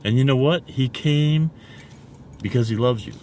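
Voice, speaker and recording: A man preaching casually in a video, rambling and repeating "okay?" after each point and spelling words out slowly. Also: medium pitch, a little mellow, a little hiss or hum. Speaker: self-made online preacher.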